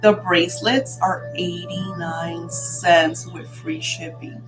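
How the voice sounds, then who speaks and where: A woman's voice: lowish voice, steady tone, slow pace, poor audio. Older woman, spiritual teacher, casual live class, tells stories and laughs a lot, faint music underneath. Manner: chatty storytelling with frequent laughs.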